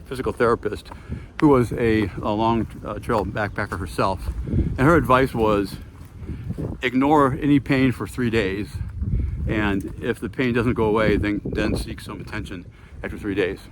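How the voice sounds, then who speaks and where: Low-voiced man in his sixties on a trail. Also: steady tone, normal speed, background noise. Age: 60s. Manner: plain, matter-of-fact, with frequent ums. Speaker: thru-hiker vlogger. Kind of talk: casual trail vlog. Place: outdoors on a mountain trail.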